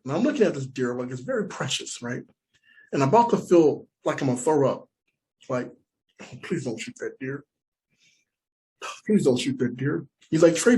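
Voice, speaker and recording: A man with an American accent telling a stand-up story, animated and repeating lines for emphasis. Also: fairly high pitch. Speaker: stand-up comedian.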